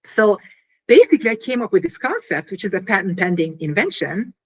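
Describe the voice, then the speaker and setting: An inventor describes her product in a casual interview, her slightly husky voice ranging widely in pitch. She's animated, piles on fillers, and acts out little scenes to illustrate things.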